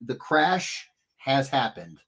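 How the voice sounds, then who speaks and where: A man hosting a casual live stream, telling stories in a rambling, animated way with many restarts. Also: medium pitch, slow, breathy edge. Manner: rambling, self-interrupting, animated storytelling. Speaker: livestream host. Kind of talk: casual chat.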